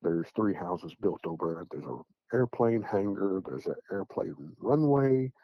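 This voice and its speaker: A man's voice: low-pitched, expressive, a little slow, dry recording, muffled recording. A man telling a story in casual, rambling fashion, often repeating words as he goes. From Tennessee. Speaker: eyewitness guest.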